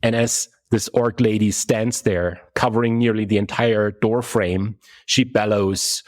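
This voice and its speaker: A man narrating a tabletop game as game master, with halting delivery and frequent restarts. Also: on the low side, steady tone, dry recording, studio quality.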